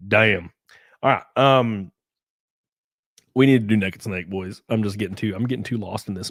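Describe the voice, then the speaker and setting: A man's voice: lowish voice, moderate pace, long pauses, fairly bright tone, no room sound. A man with a Southern US accent chatting casually on a live stream, reading chat aloud, swearing freely and laughing often.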